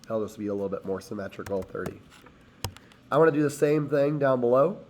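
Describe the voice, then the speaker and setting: A hoarse man teaching, talking step by step through a screen-recorded CAD tutorial as he clicks. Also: mid-range voice, lively intonation, a little fast, darkish tone, a little hiss or hum. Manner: step-by-step, talks while clicking.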